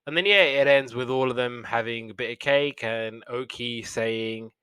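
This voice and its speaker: A man's voice: medium pitch, moderate pace, hardly any pauses, bright, forceful tone, smooth, no echo. A young man hosting a podcast, casually retelling old cartoon episodes in a rambling way with fillers and restarts.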